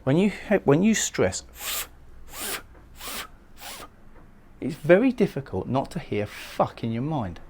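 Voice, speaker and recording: A man lecturing on a poem, explaining it thoughtfully and sometimes pausing to restart a phrase. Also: mid-range voice, very animated, a little mellow, slight background noise. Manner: reads verse lines slowly and solemnly. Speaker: poetry lecturer. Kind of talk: recorded lecture analysing a poem.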